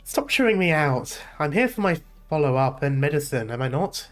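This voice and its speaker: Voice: mid-range voice, big pitch swings, moderate pace, faint music behind, close to an everyday voice. A streamer reading out an earnest, uneasy young woman in a game's story, asking questions in an everyday voice.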